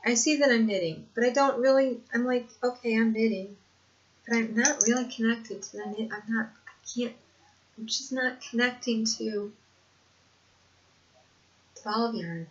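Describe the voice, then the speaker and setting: Here a slightly high-voiced older woman talks at normal speed, pausing often. As a vlogger recounting her own experiences in a relaxed home video, she's earnest, repeats points for emphasis, and laughs a lot, all captured on dull, lo-fi home audio.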